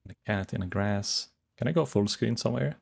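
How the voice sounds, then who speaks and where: A man's voice: lowish voice, a little fast, vocal fry, a little mellow, breathy edge. A man chatting casually to his viewers while streaming a game, rambling as he browses and reads chat.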